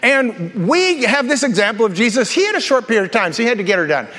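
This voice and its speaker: A man's voice: extremely high pitch, sing-song, fairly bright tone, long reverb tail. A male pastor preaching a sermon with humorous storytelling and playful asides. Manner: jokey storytelling, quick asides and self-repeats.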